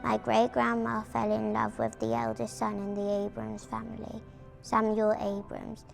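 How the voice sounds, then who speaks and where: Woman, raspy fry-heavy voice, level delivery, careful memorial reading. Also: on the high side, completely flat delivery, a little slow, faint music behind. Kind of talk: reading a prepared family account at a memorial event. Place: community arts venue.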